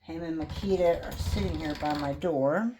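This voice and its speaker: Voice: medium pitch, moderate pace, mellow, a little hiss or hum. A polymer clay crafter in a home studio, casually thinking aloud and chatting to viewers while working.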